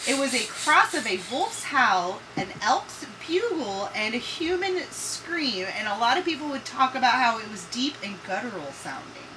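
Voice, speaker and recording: A woman's voice: fairly high pitch, sing-song, moderate pace, few pauses. A woman from the Ozarks telling folklore in a rambling, casual podcast chat, laughing and swearing freely. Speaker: podcast co-host. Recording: distant mic, noisy room.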